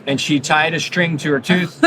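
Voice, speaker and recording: A middle-aged man with a slightly raised pitch tells anecdotes with lively energy. He fills his speech with casual asides. A noisy convention floor hums behind him. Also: normal speed. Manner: energetic, anecdotal, frequent fillers. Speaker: orthodontist guest. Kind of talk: animated storytelling in conversation. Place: busy exhibit hall floor.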